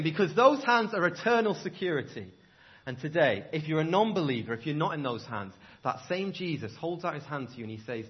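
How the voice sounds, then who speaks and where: Impassioned male preacher, swinging loud to hushed. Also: fairly high pitch, muffled recording. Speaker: pastor. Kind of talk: sermon. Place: church.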